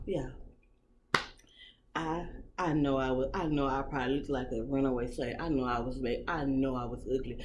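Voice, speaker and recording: A woman vlogger telling a story in casual chat, animated, profane and dramatic as she talks to her viewers. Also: very deep voice, moderate pace.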